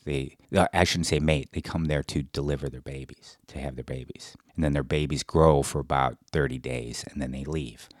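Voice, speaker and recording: A middle-aged man, chatting casually as a podcast co-host and telling blunt, profane stories with loud acted-out quotes. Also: very deep voice, steady tone, normal speed, few pauses, no echo, studio quality. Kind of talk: casual chat.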